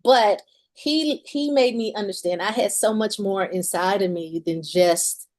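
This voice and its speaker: A woman's voice: medium pitch, measured pace, darkish tone. A woman in her forties, a musician and author, candidly telling a personal story in an interview and laughing often as she talks.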